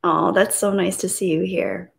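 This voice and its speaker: A woman hosting a casual live stream, greeting viewers and reading their messages aloud, soft and reflective when she talks about grief. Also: lowish voice, fairly even intonation, normal speed, gravelly.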